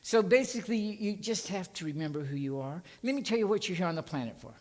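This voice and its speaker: A man's voice: high voice, very animated, fast talker, hardly any pauses, a little mellow, big-room sound. A male minister preaching in a church sanctuary, folksy and coaxing, leading the congregation in call and response. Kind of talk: sermon with congregational singing.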